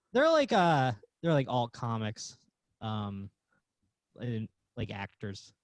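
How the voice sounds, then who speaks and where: Man, comedian guest, easygoing self-deprecating storyteller, mid pitch, dry. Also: wildly swooping pitch, takes it slowly, no echo. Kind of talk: casual chat.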